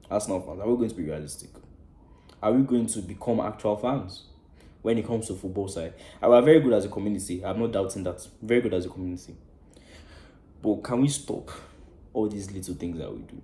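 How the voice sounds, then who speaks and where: A man hosting a football fan channel, delivering a passionate, preachy match-reaction rant that swears freely and swings between loud outbursts and hushed asides. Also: fairly low pitch, echoey room.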